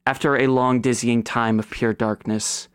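A man's voice: mid-range voice, flat delivery, moderate pace, smooth, dry recording, studio quality. A man running a tabletop game, narrating the scene dramatically for the players. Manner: dramatic storytelling, dropping to whispers. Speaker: game master.

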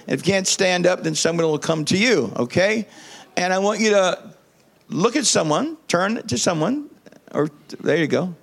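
A man's voice: high voice, expressive, moderate pace, gravelly. A male pastor preaching a sermon, leading his congregation in call-and-response and repeating phrases with enthusiasm.

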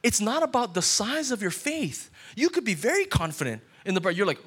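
A man's voice: sits high, sing-song, brisk, hardly any pauses, a bit bright, slightly rough. A man, a pastor, preaching a sermon in an earnest way and putting questions straight to his listeners.

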